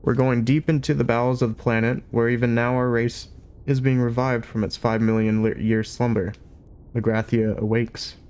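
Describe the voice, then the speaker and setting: A man voicing a polite, wistful old alien man who speaks slowly and vaguely. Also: medium pitch, little pitch movement, clean tone, lightly acted. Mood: solemn. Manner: slow, polite, gently rambling.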